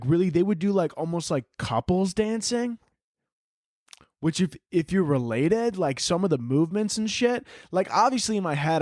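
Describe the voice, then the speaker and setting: A man's voice: fairly high pitch, no echo, studio quality. A man in his twenties hosting a solo podcast, ranting casually with lots of swearing. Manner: profane, animated, ranting. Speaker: podcast host.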